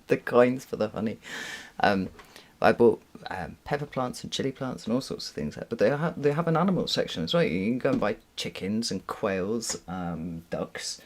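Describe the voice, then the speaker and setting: British woman, tarot reader hosting a home live stream. Casual, rambling, quick to laugh, swears freely. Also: very deep voice, darkish tone. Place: room at home with a window.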